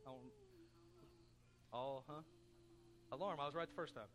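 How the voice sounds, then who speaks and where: A man's voice: a little high, very animated, moderate pace, long pauses, fairly bright tone, in a large hall. A man preaching a sermon as pastor, earnest, asking his congregation questions and throwing in jokes. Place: church sanctuary.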